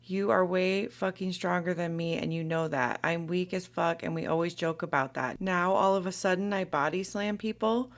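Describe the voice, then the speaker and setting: Lady reading out texts from a young woman pleading her side, lowish voice, pretty flat delivery. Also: normal speed, hardly any pauses, natural voice. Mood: defensive. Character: young woman pleading and defending herself in an argument. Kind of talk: reading text messages aloud.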